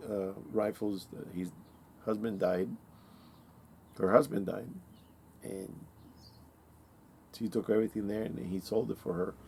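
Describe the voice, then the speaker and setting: A man's voice: fairly low pitch, gravelly, dark tone, slight background noise. A man casually telling a rambling story, with many fillers and restarts, acting out the quoted dialogue. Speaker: vlogger.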